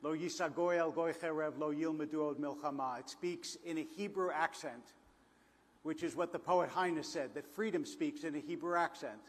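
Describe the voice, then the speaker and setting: A man's voice: a little high, moderate pace. A man from Philadelphia giving a storytelling speech to an audience, with quotes and humor. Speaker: panel speaker. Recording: hall reverb.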